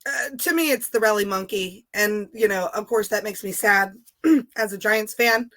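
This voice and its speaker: A woman's voice: medium pitch, normal speed, bright, forceful tone. A woman speaking as a guest on a casual panel, easygoing and chatty. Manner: chatty, easygoing, hedging with fillers.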